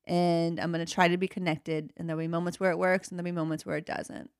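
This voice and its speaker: Gravelly mom co-host talking fast, kinda low, dry close sound. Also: female voice, level tone, dry recording. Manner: chatty, fast, self-mocking. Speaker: podcast co-host. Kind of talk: casual chat.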